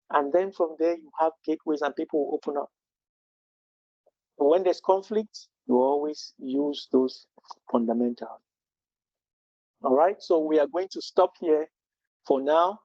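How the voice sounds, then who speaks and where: A man's voice: a little high, measured pace, long pauses, darkish tone, no echo, lo-fi sound. A man leading a live training webinar, earnest and full of rhetorical questions, often restarting his sentences. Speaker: Scrum trainer.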